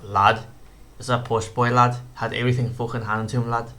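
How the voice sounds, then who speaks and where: A man's voice: medium pitch, little pitch movement, moderate pace, bright, forceful tone. A man doing a clumsy comic impression of another man, ending every phrase with "lad". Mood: mocking. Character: mocking impression of a man who keeps saying "lad".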